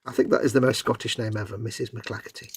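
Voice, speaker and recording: A man co-hosting a live stream in casual chat, chatty and quick to laugh, often trailing off into soft asides. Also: medium pitch, steady tone, slight background noise. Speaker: livestream co-host.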